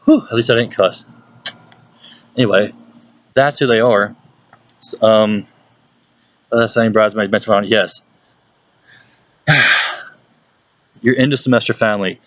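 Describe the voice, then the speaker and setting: A young man, a youth pastor telling stories in a casual, animated way and often laughing. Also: fairly low pitch, no room sound. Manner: animated storytelling, laughs often, puts on voices for people he quotes. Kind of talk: casual talk to a youth group.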